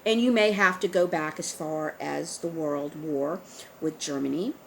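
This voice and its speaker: A woman with a fairly low voice speaks straight to her audience in an earnest, pleading way. She often stalls on fillers and starts her sentences over. A faint hiss of noise sits behind her. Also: unhurried, creaky, poor audio. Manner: earnest and urging, addresses viewers directly. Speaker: online video host. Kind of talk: casual direct-to-camera monologue.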